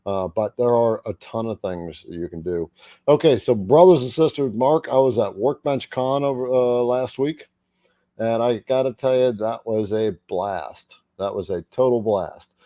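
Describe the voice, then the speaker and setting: A man's voice: mid-range voice, unhurried, warm tone, no room sound. A man hosting a casual livestream, chatting and greeting viewers by name. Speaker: livestream host.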